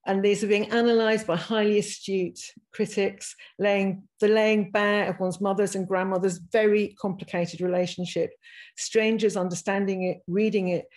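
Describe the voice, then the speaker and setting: Thoughtful woman in her sixties, low-voiced. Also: darkish tone, rough recording. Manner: thoughtful, halting, frequent restarts. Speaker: guest speaker. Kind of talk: reflective online talk, reading excerpts aloud.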